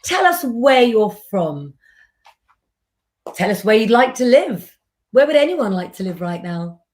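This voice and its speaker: Gentle, rambling woman giving a tarot reading. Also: a little high, big pitch swings, measured pace. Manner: gentle, affectionate, rambling with many "um"s. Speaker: tarot reader hosting a live reading. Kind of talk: live streamed tarot reading, casual chat.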